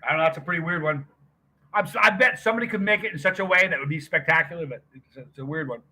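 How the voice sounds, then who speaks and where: Man, middle-aged, husky voice, forceful, chatty livestream host, rambling stories. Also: on the high side, very fast. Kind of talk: casual chat with live viewers.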